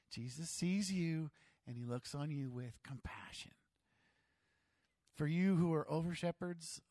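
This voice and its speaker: A man preaching a sermon as pastor, conversational and animated, with asides and acted-out quotes. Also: fairly high pitch. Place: church sanctuary. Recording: long hall reverb.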